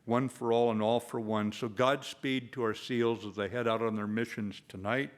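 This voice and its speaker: An older man, a retired general, giving a speech with a personal war story, told in a measured way with frequent fillers. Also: medium pitch, steady tone.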